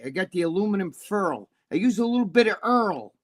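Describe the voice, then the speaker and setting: A man's voice: high voice, expressive, brisk, pitched above the performer's own voice. A man imitating an older working-class man from New York with a heavy Brooklyn accent, bending his vowels into "furl" and "turlet.". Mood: joking.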